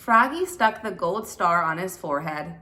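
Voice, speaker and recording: A woman teacher reading a children's picture book aloud to her class, animated and playful. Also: lowish voice, normal speed. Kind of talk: read-aloud storytelling for children.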